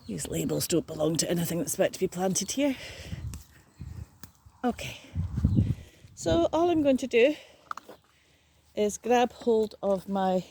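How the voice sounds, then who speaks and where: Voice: mid-range voice, expressive, unhurried, creaky, long pauses, dark tone. Older gardener chatting away outside while working, plain matter-of-fact talk, faint noise behind. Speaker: vlogger. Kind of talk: casual chat. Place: outdoor garden.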